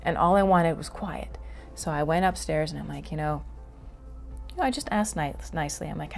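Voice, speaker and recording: Animated Canadian woman, lower voice. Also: brisk, gravelly, faint music behind. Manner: animated, laughs often, acts out her own reactions. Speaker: guest emotions teacher. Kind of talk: interview, casual explaining.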